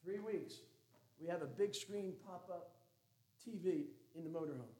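A man's voice: high voice, animated, normal speed, dark tone. A man preaching a sermon as a Baptist pastor, folksy and joking, then emphatic.

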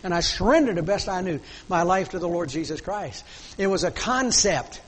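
A man's voice: high-pitched, animated, normal speed, in a large hall, rough recording. A middle-aged male pastor preaching a sermon in a fervent, pleading manner.

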